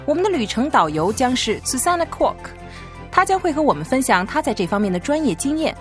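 A woman's voice: high voice, sing-song, brisk. Woman announcer over faint music. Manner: smooth, formal. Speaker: program announcer. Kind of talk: scripted radio outro.

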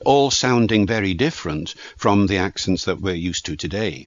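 A man presenting an educational piece in a measured, deliberate way, with the odd brief filler. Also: low-pitched, animated, no room sound, highs cut off. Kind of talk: scripted educational narration.

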